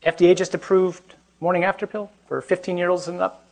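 A man's voice: high voice, little pitch movement, fairly quick, creaky, darkish tone. A man preaching as a parish priest, conversational and joking, often putting questions to his young listeners. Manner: conversational, self-deprecating, asks the audience questions. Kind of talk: humorous preaching to a young audience.

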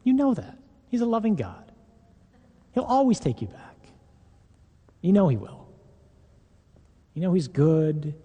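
A preacher doing the devil as a male tempter, coaxing and mocking by turns. The voice is dark and husky. A long reverb trails behind it as if in a big hall. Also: high voice, huge pitch swings, unhurried, pauses often, highs cut off, heavily acted. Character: the devil, male tempter, sweet-talking yet accusing.

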